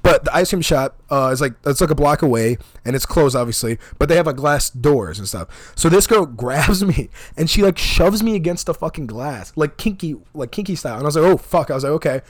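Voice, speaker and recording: A young man talks in a quick, excitable rush, peppered with swearing. His voice sits slightly high. He tells the story casually and acts out each quoted line. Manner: profane, animated, acts out quotes.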